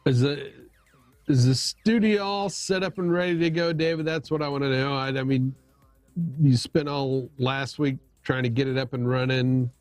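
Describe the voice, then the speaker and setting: A man's voice: mid-range voice, steady tone, normal speed, a little mellow, no echo, faint music behind. A middle-aged man hosting a casual livestream chat, rambling and poking fun at himself, with lots of restarts. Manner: rambling, self-deprecating, many restarts. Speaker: livestream host.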